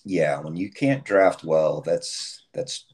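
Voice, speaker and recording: A man with a very deep voice chats in an easy, deadpan manner. He drops dry wisecracks at his co-host. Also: slow. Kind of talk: casual banter.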